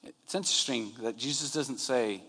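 A male pastor preaches a sermon in a conversational, storytelling manner, often slipping into quoted lines. His voice sits at an ordinary pitch for a man. The room lends it a long hall reverb. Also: moderate pace, sharp tone. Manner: conversational, retells scenes with acted-out quotes.

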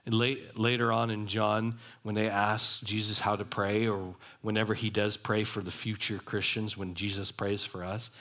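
A man's voice: on the low side, flat delivery, moderate pace, hardly any pauses, fairly bright tone. A man preaching a sermon, reading a passage aloud and explaining it in a conversational way. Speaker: pastor.

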